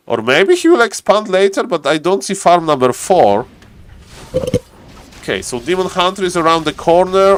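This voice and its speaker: A man with a noticeable non-native English accent and a slightly high voice casts a strategy game live as a streamer. He chats with and greets his viewers, repeats "ladies and gentlemen" again and again, and grows more excited at key plays.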